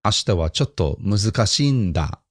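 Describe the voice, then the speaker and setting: A man's voice: fairly low pitch, expressive, fast, no room sound, clean studio sound. A man co-hosting a Japanese lesson podcast, asking questions and repeating phrases after the teacher. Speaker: co-host learning Japanese.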